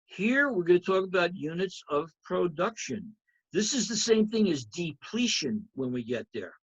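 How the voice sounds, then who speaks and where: A man's voice: sits high, sing-song, normal speed, slightly rough, highs cut off. A man teaching an accounting review lecture, emphatic, repeating key points and checking in with students. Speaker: accounting instructor.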